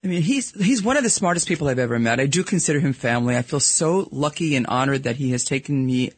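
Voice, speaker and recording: Husky-voiced Brooklyn man, chatty guest. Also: medium pitch, animated, fast, no echo. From New York. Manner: candid, chatty, emphatic. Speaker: guest, real estate podcaster. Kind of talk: casual radio interview chat. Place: radio studio.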